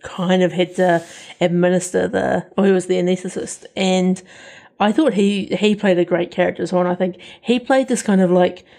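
A woman's voice: fairly low pitch, steady tone, normal speed, a little mellow. A woman co-hosting a casual film review podcast, talking in a musing way with many "like" fillers.

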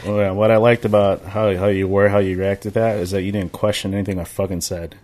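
A man's voice: on the low side, level tone, quick pace, a little mellow. A man co-hosting a casual podcast, a dance trainer speaking bluntly and swearing often. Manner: blunt and profane.

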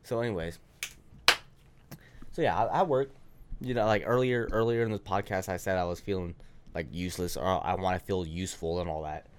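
A man's voice: low voice, fairly quick, long pauses, clear, resonant tone. A man co-hosting a casual podcast, rambling with lots of swearing and filler words. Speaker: podcast co-host.

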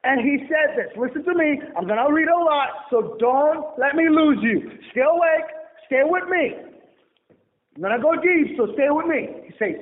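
A male pastor delivers a sermon with a high voice, shouting out lines and asking the congregation to repeat them. The sound is tinny and narrow, like a phone line. It rings out through a big, echoing church hall. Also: expressive, normal speed. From Nigeria. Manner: preaching with shouts and call-and-response.

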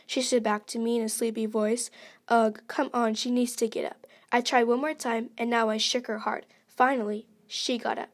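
A woman reading aloud a homemade mystery story in an earnest, unpolished way. Her voice sits fairly high, and her phrasing is simple and direct. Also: level tone, normal speed.

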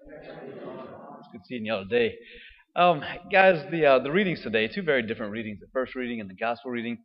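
A man's voice: medium pitch, fairly quick. Man, priest, chatty homily, long church echo, dull muffled recording. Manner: conversational, jokey preaching with laughs and fillers. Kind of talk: homily at weekday Mass. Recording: dull reverberant church sound.

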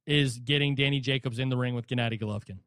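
A man co-hosting a casual boxing podcast, animated and quick to laugh as he mocks how names get pronounced. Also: mid-range voice, clear, resonant tone, no echo, clean studio sound. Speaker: podcast co-host.

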